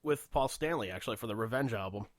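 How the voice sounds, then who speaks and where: Telling a story on a radio podcast he co-hosts, a man talks fast and expressively in a fairly low voice, laughing, cursing a lot, and breaking into loud impressions. The studio-quality recording has no room sound.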